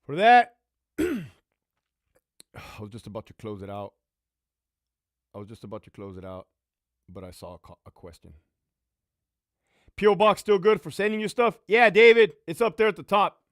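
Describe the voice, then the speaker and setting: On a casual livestream, a former prison lieutenant answers viewer questions and tells blunt, profane stories in an animated way. His fairly high voice swings up and down a lot, at normal speed with long pauses, and the audio is close and dry with no room sound.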